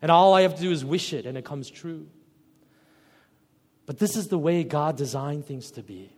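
A man preaching a sermon as pastor, emphatic, rising to loud peaks and dropping to soft, low phrases. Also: moderate pace, in a large hall.

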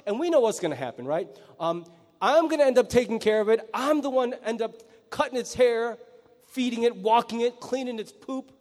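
A man preaching a sermon in a high voice, lively and full of acted-out voices of kids and parents. He drops low and quiet when he paints grim images. The sound carries a long hall reverb that lingers after each phrase. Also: moderate pace. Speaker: pastor.

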